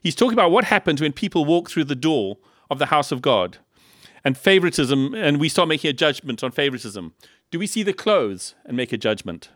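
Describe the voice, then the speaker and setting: A man from Africa, preaching a sermon in a lively style full of rhetorical questions and humorous asides. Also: fairly high pitch, brisk, no room sound, studio quality. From South Africa. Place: church in Liverpool.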